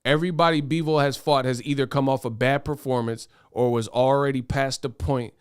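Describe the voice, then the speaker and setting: A young man hosting a boxing commentary livestream, talking fast in slang, excitable and laughing as he reads viewer chat. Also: mid-range voice, smooth, no room sound, studio quality. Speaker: boxing commentary show host.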